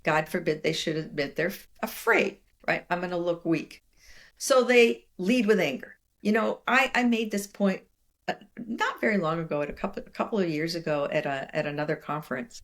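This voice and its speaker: Gravelly-voiced older woman, lower-pitched, lively conversational storyteller, guest on an interview. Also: brisk. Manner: animated, expressive storyteller with quoted voices.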